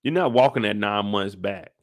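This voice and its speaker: A man giving a casual recap of a TV episode in animated, heavily slangy talk, swearing freely. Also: lowish voice, moderate pace. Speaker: show recap youtuber.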